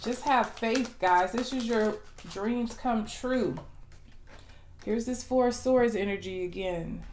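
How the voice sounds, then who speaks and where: A woman's voice: a little high, a little mellow, a little hiss or hum. A woman giving a tarot reading, upbeat and repeatedly calling viewers "guys". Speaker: tarot reader. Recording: roomy echo.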